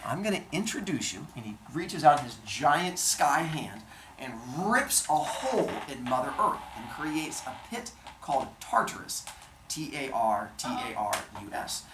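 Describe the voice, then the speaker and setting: A woman teacher telling myths to a class in animated, jokey comic storytelling with chatty asides. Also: low-pitched, a little slow, reverberant, background noise.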